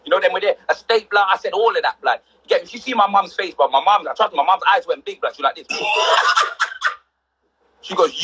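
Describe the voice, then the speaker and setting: A young man, telling animated stories on a livestream, full of street slang and acted-out quotes. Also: high voice, quick pace, slightly rough, rough recording. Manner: slang-heavy, excitable, acts out quotes. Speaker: livestream host.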